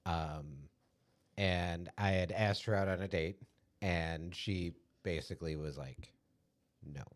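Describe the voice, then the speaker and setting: A young adult man, a podcast co-host, telling a story in a relaxed, casual way with lots of fillers. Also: low voice, slow pace. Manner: laid-back storytelling with fillers. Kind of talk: casual chat.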